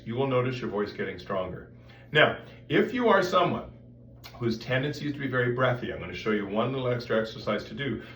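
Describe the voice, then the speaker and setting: A man teaching a vocal technique lesson, coaching the viewer directly in an animated way. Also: lowish voice, recorded from a distance, a little hiss or hum. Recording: roomy sound from off the mic with faint music.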